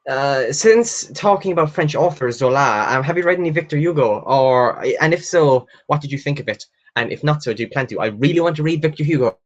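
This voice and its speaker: A young man hosting a casual live book chat from home, chatty and excitable, swearing freely and squealing with delight. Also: medium pitch, highs cut off. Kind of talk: casual livestream chat, reading out viewer questions. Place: at home, sitting in a chair.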